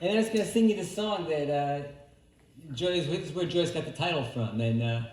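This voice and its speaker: A man at a community hall open mic, casually explaining what he is about to read, relaxed and a little halting. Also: a little high, heavy background noise. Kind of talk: casual introduction to a reading. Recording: roomy hall echo.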